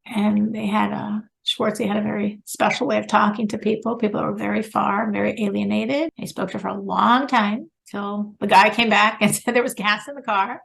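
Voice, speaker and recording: A woman teaching a religious class, telling a story in a lively way and laughing between phrases. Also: mid-range voice, gravelly, rough recording. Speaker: teacher of a women's Torah class.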